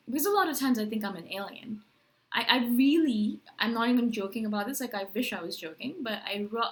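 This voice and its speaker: A woman vlogging to camera in a casual, rambling monologue, full of "like" and "right?" asides. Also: on the high side. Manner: animated, rambling, lots of "like" and "right?".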